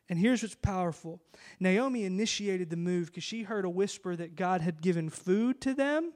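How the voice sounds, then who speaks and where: A man's voice: high voice, darkish tone. A man pastor preaching an emphatic sermon full of rhetorical questions.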